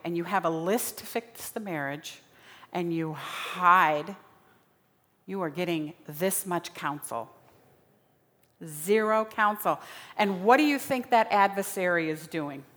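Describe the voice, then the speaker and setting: A woman's voice: on the low side, takes it slowly, long pauses, fairly bright tone. A woman preaching a sermon in a dramatic style, repeating phrases for emphasis. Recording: long reverb of a large hall.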